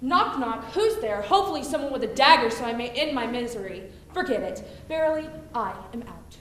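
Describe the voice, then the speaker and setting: A woman's voice: a little high, animated, brisk, a bit bright, slight background noise. A woman on stage playing a glum female comic-relief jester, with wry, exasperated lines. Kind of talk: amateur stage comedy. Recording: echoey stage from a distance.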